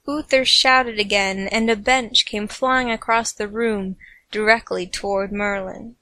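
A woman's voice: mid-range voice, fairly even intonation, measured pace, bright, forceful tone, dry recording. A woman narrating a comic fan fiction story with playful, snarky asides.

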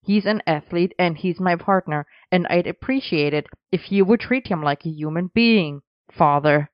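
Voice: mid-range voice, moderate pace, no echo, lightly acted. A reader voicing an earnest, protective young man who speaks firmly, in a dry, slightly dull recording.

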